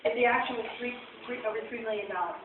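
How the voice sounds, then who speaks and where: A woman's voice: a little high, quick pace. A woman presenting nursing case studies at a convention session and quizzing the audience as she goes. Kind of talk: conference talk. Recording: echoey hall from far off, phone-like and noisy.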